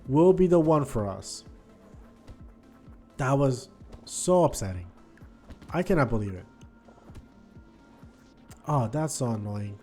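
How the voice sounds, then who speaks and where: A man giving casual gameplay commentary, thinking aloud and swinging between quiet muttering and frustrated outbursts. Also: medium pitch, animated, unhurried, long pauses, soft background music. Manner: thinks aloud, repeats words and restarts. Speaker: gaming video host.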